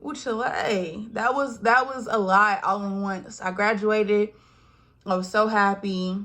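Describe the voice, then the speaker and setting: A young woman, telling a personal story in casual vlog style, acting out quoted voices and dropping to hushed asides. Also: medium pitch, fairly even intonation, a little slow. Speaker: vlogger.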